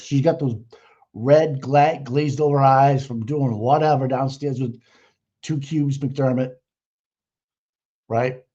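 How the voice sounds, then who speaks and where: A man talks over courtroom footage in a loose, scornful rant full of swearing. His voice sits at an ordinary pitch, and the audio comes through slightly muffled and lo-fi. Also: fairly even intonation, takes it slowly, long pauses, dark tone. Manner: mocking, profane ranting. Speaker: livestream host. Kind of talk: live commentary over trial footage.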